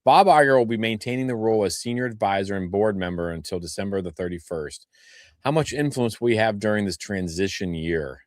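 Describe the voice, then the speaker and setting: A man's voice: fairly low pitch, fairly quick, darkish tone, dry recording, clean studio sound. A man co-hosting a fan podcast, joking and rambling as he sets up questions. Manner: joking, rambling, self-mocking. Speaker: podcast co-host. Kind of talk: casual chat.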